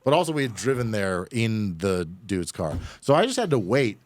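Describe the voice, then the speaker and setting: A man's voice: on the low side, big pitch swings, normal speed, no room sound. A man casually telling a rambling, profane story on a podcast, full of fillers. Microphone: studio microphone.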